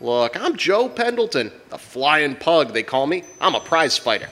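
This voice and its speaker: A brash wisecracking boxer. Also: male voice, on the high side, sing-song, normal speed, bright, forceful tone. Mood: indignant. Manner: tough-guy slang, wisecracking. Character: brash cocky young male prize fighter. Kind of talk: 1940s radio acting.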